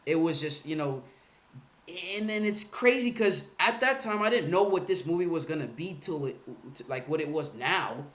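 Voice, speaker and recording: A man's voice: a little high, lively intonation, moderate pace, a bit bright. A man, a podcast guest, telling a story casually in a laid-back, slangy way with plenty of swearing. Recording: roomy podcast room.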